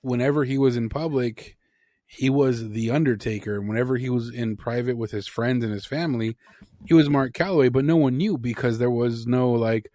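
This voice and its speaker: A man co-hosting a podcast in blunt, casual conversation, swearing freely. His voice sits at a middle pitch and sounds close and dry, with no room echo. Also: steady tone, brisk, mellow. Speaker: podcast co-host. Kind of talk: casual chat.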